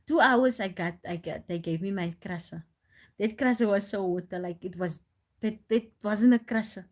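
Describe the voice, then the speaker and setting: A woman talks casually on a live stream, spinning animated, rambling stories full of restarts and laughter. Her voice sits at a middle pitch for a woman, and she speaks into a phone. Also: moderate pace. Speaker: livestreamer.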